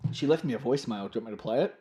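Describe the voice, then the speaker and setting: A man co-hosting a comedy podcast with a giggly, playful manner. His pitch moves lively up and down as he jokes. He sits mid-range in tone. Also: very fast. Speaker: podcast co-host. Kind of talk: comedic banter.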